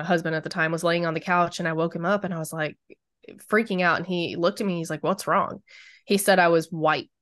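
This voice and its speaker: A woman's voice: on the low side, a bit bright, no echo, studio quality. A woman in her thirties, a Bigfoot researcher, telling an eerie personal story in an interview with many likes and ums.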